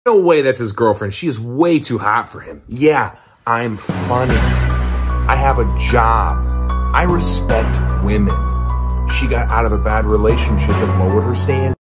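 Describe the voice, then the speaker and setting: Man, mid-pitched voice, boastful loud rant, music behind. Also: a little slow. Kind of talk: comedy rant.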